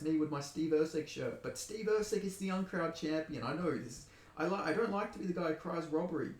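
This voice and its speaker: This MMA commentator, an Australian man from Perth, delivers a furious, swear-filled rant over a fight decision he sees as a robbery. His voice is on the high side and a little mellow, with reverberant sound.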